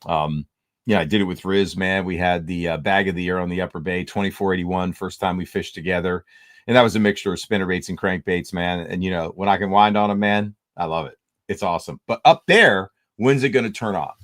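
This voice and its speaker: A man's voice: low-pitched, brisk, fairly bright tone, no room sound, studio quality. A man hosting a casual live-stream chat, laid-back, dropping "man" and "dude" a lot. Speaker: host.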